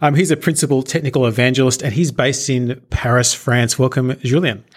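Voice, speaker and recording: Man, podcast host, casual, chatty, mid pitch. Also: steady tone, fairly quick, slightly rough. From Australia. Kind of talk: casual interview chat.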